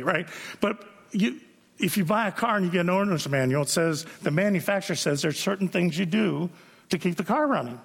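A man preaching a sermon as pastor, telling stories in a conversational way and checking in with the congregation with frequent asides. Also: on the high side. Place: church sanctuary. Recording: long reverb of a large hall.

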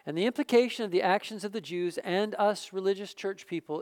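Guy preaching a sermon, pretty high voice, leans on words and repeats himself. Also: fast talker, hardly any pauses. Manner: emphatic, repeats words as he builds a point. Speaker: pastor.

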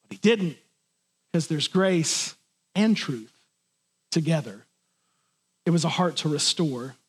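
High-voiced man preaching earnestly. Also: expressive, slow pace, slightly rough. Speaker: pastor. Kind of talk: sermon.

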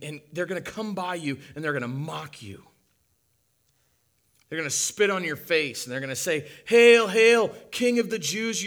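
Guy preaching a dramatic sermon, intense then quiet, mid voice. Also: on the high side. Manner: impassioned, swings from loud to hushed.

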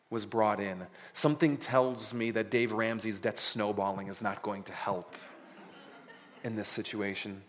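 A man's voice: mid-range voice, moderate pace. A man preaching a sermon, reading scripture dramatically and adding casual jokes. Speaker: pastor. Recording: reverberant hall.

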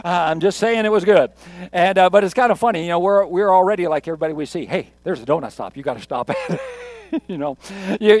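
A man's voice: a little high, no echo. A man preaching a sermon as pastor, talking in a conversational, jokey way with emphatic repeats.

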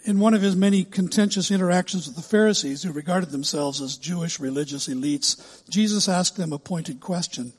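A man's voice: high-pitched, a little mellow, slightly rough. Man preaching in a reverberant hall. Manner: measured, emphatic preaching with drawn-out words. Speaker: pastor. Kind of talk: sermon.

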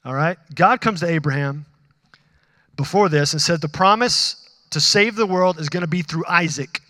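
A man's voice: a little high, normal speed, dry recording, clean studio sound, in a large hall. A man preaching a sermon as a pastor, talking conversationally, asking the congregation questions and acting out dialogue with God. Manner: acts out dialogue with God in animated bursts.

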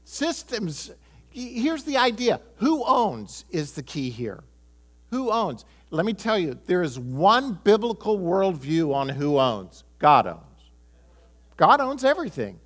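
An American man in middle age preaches with emphasis, driving points home by saying them twice. His voice sits a little high for a man, and he slips in a chuckle and short asides. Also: wildly swooping pitch, a little slow, a bit bright. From United States. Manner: emphatic, repeats key phrases, chuckles, quotes people in voices. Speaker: pastor. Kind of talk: sermon.

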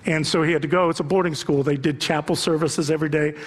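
A male pastor with a high voice delivers a sermon in animated storytelling fashion, building to impassioned shouts. His voice rings out with a long reverb, as in a large hall. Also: fast talker.

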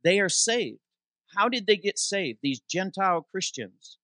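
Pitch-raised, close-miked preaching man. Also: no echo. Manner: animated preaching, reads scripture aloud with slowed emphasis; asks the congregation questions and answers them. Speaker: interim pastor. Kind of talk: sermon. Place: church sanctuary.

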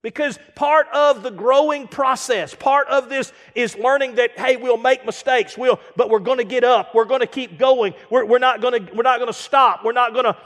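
A middle-aged man preaching a sermon, animated, with acted-out asides and rhetorical questions. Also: very high-pitched, moderate pace, few pauses. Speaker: guest preacher. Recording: reverberant hall.

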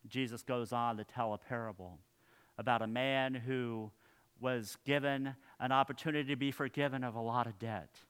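A male pastor preaching a sermon in a church, earnest, his phrases trailing off softly at the ends. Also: mid-range voice, fairly even intonation, moderate pace, clean tone.

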